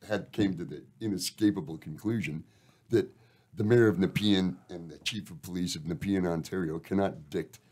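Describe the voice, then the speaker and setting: A man's voice: low-pitched, normal speed, a little mellow. A Canadian man, a band member guest on a radio show, telling long rambling stories with lots of swearing and "eh". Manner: rambling, profane, uses "eh". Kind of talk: casual storytelling interview.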